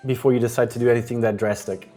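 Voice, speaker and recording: A man narrating a tabletop game as game master, chatty and relaxed, often restarting his sentences. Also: mid-range voice, very fast, soft background music.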